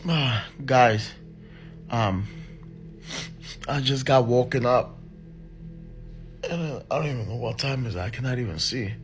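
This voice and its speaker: A frightened man filming himself in his bedroom at night, talking to viewers in a hushed, halting voice and swearing under his breath. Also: mid-range voice, faint music behind. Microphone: handheld phone camera.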